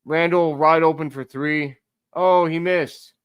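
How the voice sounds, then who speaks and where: A man hosting a live stream, giving casual play-by-play commentary as an excitable fan who talks to his chat. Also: on the high side, slow, smooth, no echo, studio quality.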